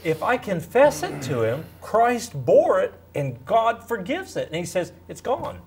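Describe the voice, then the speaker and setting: A man in his fifties sharing a lively faith testimony as a guest, acting out quotes as he tells it. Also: high voice, unhurried, a little hiss or hum. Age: 50s. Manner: animated, storytelling, acts out quotes. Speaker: guest speaker. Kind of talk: faith testimony in a talk show.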